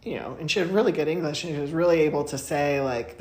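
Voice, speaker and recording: A woman's voice: low-pitched, fairly even intonation, fast, few pauses, darkish tone, slight background noise. Chatty woman in an echoey room. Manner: chatty storytelling, many fillers. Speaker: podcast co-host. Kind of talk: casual chat. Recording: roomy echo.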